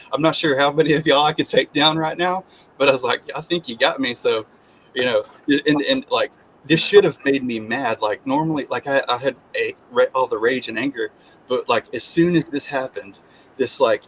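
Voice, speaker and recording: A man's voice: medium pitch, slight background noise, low-quality recording. A man, a guest sharing his testimony, tells a personal story in casual conversation, acting out the voices he quotes. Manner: animated, acts out quoted voices, repeats and restarts.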